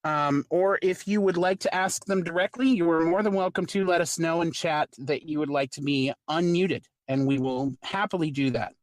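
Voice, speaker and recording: A woman hosting a podcast in casual chat, with an animated, giggly manner and hesitant fillers. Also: sits low, normal speed, few pauses, no echo. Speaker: podcast host.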